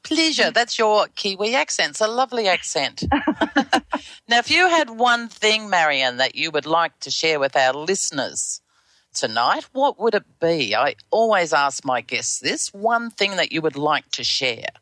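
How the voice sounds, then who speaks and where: A woman's voice: on the low side, very animated, unhurried, bright, forceful tone, no echo. A woman hosting a radio talk show as a psychic, encouraging her guest in a gushing, friendly way. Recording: music playing behind.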